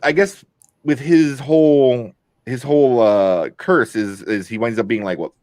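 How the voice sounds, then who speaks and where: A man co-hosting a casual movie review podcast, talking in a rambling, animated way and piling up fillers as he goes. His pitch sits in the middle range, and the room sound is dry and close. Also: unhurried, no echo. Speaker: podcast co-host.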